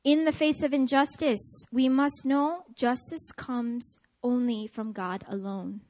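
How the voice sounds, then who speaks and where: A woman with a high voice preaches a testimony-style sermon. She speaks with energy and an emphatic, repeating cadence, and often breaks into laughter. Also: fairly even intonation, slow pace, a little mellow. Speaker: speaker at a prayer meeting.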